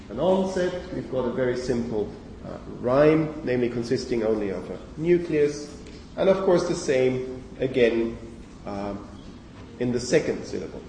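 A man giving a university lecture on phonology in a lecture hall, speaking haltingly with many fillers and self-corrections. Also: medium pitch, warm tone, a little hiss or hum. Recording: echoey lecture hall from far off.

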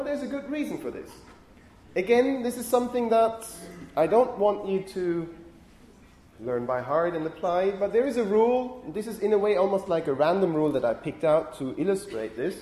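Lively male lecturer in an echoey hall. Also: high-pitched, moderate pace, a little hiss or hum. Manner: lively, self-correcting, frequent "okay?" checks. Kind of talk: university lecture. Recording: roomy lecture hall echo.

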